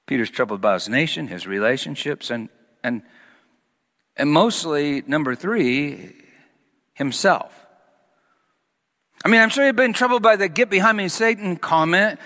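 A man preaching a sermon, reading scripture slowly and then expounding it with growing animation. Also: on the high side, lively intonation, fairly bright tone, in a large hall. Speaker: pastor.

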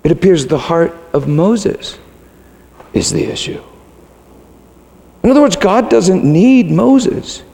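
A male preacher delivering a sermon with a fairly high, very lively voice and a gravelly edge. He talks slowly and emphatically, swinging between bold declarations and near-whispers. His voice trails off into a long reverb. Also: faint music behind. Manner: emphatic, dramatic swings between loud and hushed.

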